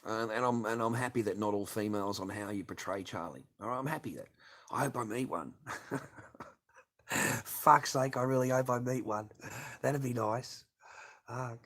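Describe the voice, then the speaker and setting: A man's voice: mid-range voice, moderate pace, pauses often, fairly bright tone. A middle-aged man, hosting a casual livestream, reading and answering chat with constant swearing and sarcasm.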